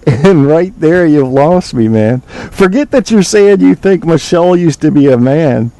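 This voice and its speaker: A man hosts his own talk show, lecturing his listeners bluntly and cursing casually. His voice sits a bit high for a man but sounds mellow and warm. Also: animated, measured pace, no room sound, poor audio. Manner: blunt, preachy, swears freely. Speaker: podcast host. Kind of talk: opinionated call-in show monologue.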